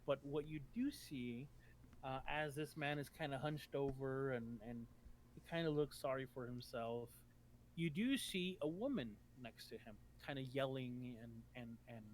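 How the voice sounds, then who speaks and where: A man's voice: mid-range voice, measured pace, slight background noise. A man narrating as game master for a tabletop game, rambling with many ums and restarts.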